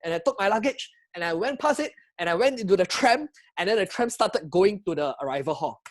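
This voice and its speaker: Speaking briskly in a high voice with a Singaporean English accent, this travel vlogger animatedly recounts a trip to camera. He chats excitedly, poses questions to viewers, and keeps laughing and restarting.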